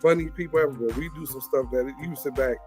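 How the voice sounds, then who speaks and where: A man chatting as a guest, animated and repeating words for emphasis. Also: mid-range voice, fast talker, soft background music. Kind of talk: casual chat.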